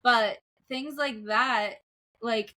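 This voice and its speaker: A woman's voice: on the high side, extremely slow, sharp tone. A young woman guest on a podcast, candidly telling a story about a relationship, with many "like" fillers and laughs mixed in.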